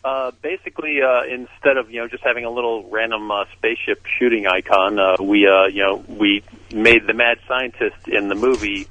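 A man's voice: fairly low pitch, fairly even intonation, normal speed, hardly any pauses, sharp tone, no room sound. A man calling in by phone to a radio show, rambling casually with lots of filler words. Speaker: phone-in guest, game maker. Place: Los Angeles. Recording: dull lo-fi phone line.

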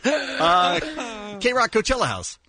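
A man's voice: sits high, wildly swooping pitch, slow, sharp tone, dry recording. A man hosting a radio morning show, teasing his co-hosts in casual banter and running the segments from the studio. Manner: teasing, jokey, runs the segments.

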